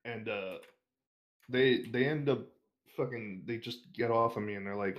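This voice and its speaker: Young dude rambling thru a filthy story, swears a lot, keeps cracking up, average pitch. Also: male voice, a little slow, dull audio. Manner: profane, rambling, laughs while telling. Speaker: interview guest. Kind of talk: casual storytelling.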